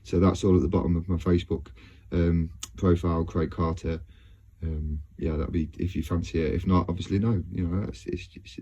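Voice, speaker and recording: A man's voice: sits low, darkish tone, slight background noise. A man, talking in a rambling casual monologue to his viewers, hesitant and full of fillers and restarts. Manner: hesitant, many fillers and restarts, laughs often. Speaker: video blogger.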